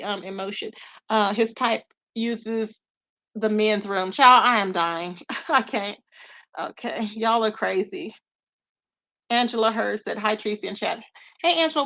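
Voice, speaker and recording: Woman, live-stream host, high voice, bright sharp tone, casual gossip commentary, animated and expressive. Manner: animated and expressive, laughs often, keeps saying "child".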